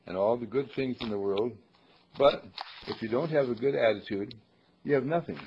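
An older man giving a rambling, folksy spoken reflection, repeating phrases and clearing his throat now and then. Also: mid-range voice. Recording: dull lo-fi recording.

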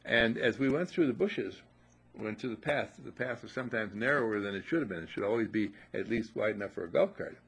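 An older man talks in a relaxed, folksy way, telling little stories and then urging the listener to believe in themselves. His voice has a gravelly, slightly husky edge. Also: fairly low pitch, fairly quick. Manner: folksy storyteller, repeats affirmations. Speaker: motivational speaker. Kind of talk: casual motivational talk.

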